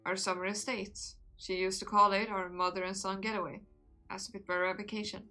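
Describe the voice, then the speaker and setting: A woman reading aloud the lines of a rueful young nobleman who became a vampire, in a measured, somber way in her own voice. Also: medium pitch, little pitch movement, bright, forceful tone, faint music behind, lightly acted. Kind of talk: reading a visual novel aloud.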